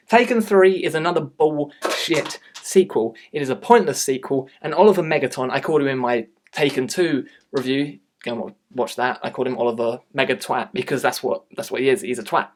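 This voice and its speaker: A man rants through a casual online film review at a mid-range pitch. He sounds blunt and exasperated as he complains and piles on criticism.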